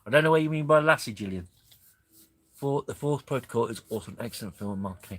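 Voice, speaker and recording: A man's voice: medium pitch, expressive, quick pace. A man in his forties hosting a casual camping live stream from a tent. He rambles, goes off topic and pokes fun at himself. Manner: rambling, chatty, self-deprecating. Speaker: camping channel host.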